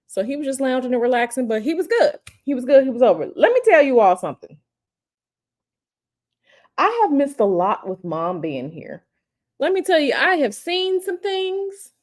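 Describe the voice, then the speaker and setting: A woman's voice: a little high, darkish tone. A woman hosting a casual livestream chat at home, reading viewer comments in a teasing, chatty way that hints at gossip and often repeats herself. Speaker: livestream host.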